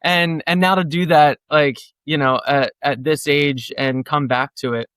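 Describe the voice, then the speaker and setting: Rambling man with a raised pitch. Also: fairly even intonation, a little slow, fairly bright tone, smooth, no echo. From New Jersey. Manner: rambling, heavy "like" fillers, acts out quotes. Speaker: guest musician. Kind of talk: casual interview chat.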